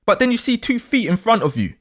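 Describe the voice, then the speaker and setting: A man telling a dramatic second-person story, in an animated way. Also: high-pitched, fast. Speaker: astrology storyteller.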